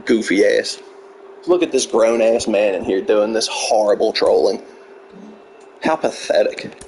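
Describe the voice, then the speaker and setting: A man's voice: lowish voice, normal speed, vocal fry, darkish tone, a little hiss or hum. Foul-mouthed mocking male streamer. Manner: profane, mocking trash talk; sarcastic. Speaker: video game streamer. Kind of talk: casual live-stream chat.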